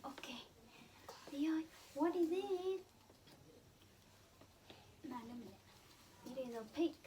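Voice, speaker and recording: A Vietnamese-accented mother teaching her child English with hand puppets, repeating words slowly and imitating animal sounds. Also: high-pitched, animated, warm tone, slight background noise.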